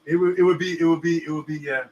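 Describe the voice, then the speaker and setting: A man's voice: a little high, fairly even intonation, fast talker, lo-fi sound, noisy background. A man co-hosting a casual podcast, reacting with sarcastic disbelief. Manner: sarcastic, incredulous. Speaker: podcast co-host. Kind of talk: casual chat.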